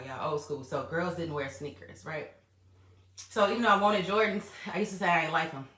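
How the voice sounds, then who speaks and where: With a low, fairly bright voice, this podcast host talks alone to her audience in a casual monologue, swearing without restraint and laughing a lot. The audio comes from a laptop or voice memo in a room with echo.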